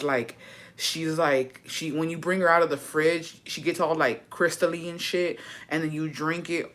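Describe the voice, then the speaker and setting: A woman's voice: low voice, pushed and bright. A woman from chatting casually to her viewers, profane and dramatic, dropping Spanish phrases into her English. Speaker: vlogger. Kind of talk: casual chat to camera.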